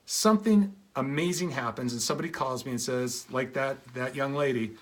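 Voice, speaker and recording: A middle-aged man giving an earnest motivational talk, telling stories and acting out quoted lines of dialogue. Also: fairly quick. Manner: earnest, shifts pitch to act out quoted dialogue. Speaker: speaker.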